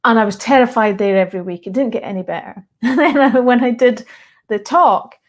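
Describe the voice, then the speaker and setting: A woman's voice: a little high, brisk. A woman with a Scottish accent, speaking to viewers as a mindset coach. She talks earnestly and candidly and is close to tears, with breaks of laughter. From Scotland. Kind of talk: personal story told to viewers.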